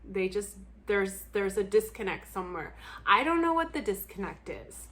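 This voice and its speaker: A woman's voice: mid-range voice, big pitch swings, normal speed, fairly bright tone. A young adult woman talking bluntly and candidly to camera in a casual vlog chat, laughing often and swearing freely. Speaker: book vlogger.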